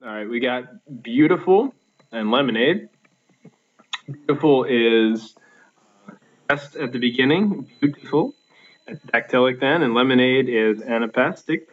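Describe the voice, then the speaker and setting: A male teacher walks through a video lesson in a plain, instructive way, filling pauses with ums and uhs. His voice sits mid-range for a man. The audio is dull and lo-fi. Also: medium pitch, animated.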